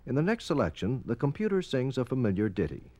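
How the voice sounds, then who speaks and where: A man narrates an educational film in a formal, explanatory tone. His pitch moves freely across a wide range, and the sound is dry and close. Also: sing-song, quick pace, mellow, no echo. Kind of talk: scripted documentary narration.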